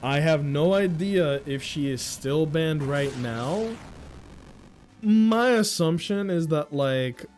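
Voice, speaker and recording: A young man from New York ranting casually on a livestream in a slangy, animated way. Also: fairly high pitch, slow pace, slight background noise. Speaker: streamer.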